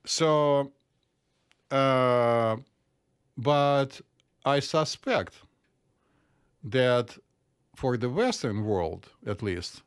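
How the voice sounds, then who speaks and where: A man's voice: medium pitch, animated, extremely slow, long pauses, clear, resonant tone. A middle-aged man from the former Soviet Union, a psychiatrist co-hosting a casual chat with dry jokes and slightly stiff phrasing. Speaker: podcast co-host, psychiatrist.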